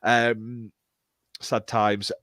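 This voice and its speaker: A man's voice: lowish voice, little pitch movement, extremely slow, a bit bright, no echo, studio quality. A man with a British accent hosting a podcast, bantering brashly and swearing freely. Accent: British English. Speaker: podcast host. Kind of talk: casual podcast chat.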